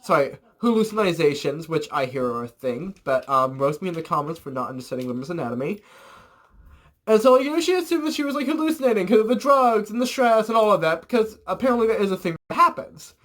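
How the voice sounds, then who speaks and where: A young man telling a rambling, animated storytime in a casual vlog, full of fillers and the odd swear word. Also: high-pitched, fast. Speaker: vlogger.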